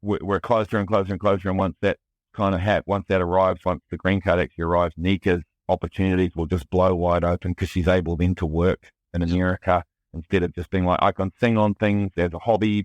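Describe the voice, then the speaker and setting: A man from New Zealand with a New Zealand accent, talking candidly and excitedly as a podcast guest, swearing freely and often restarting his sentences. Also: low-pitched, brisk, no echo. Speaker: podcast guest, music producer. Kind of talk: casual chat.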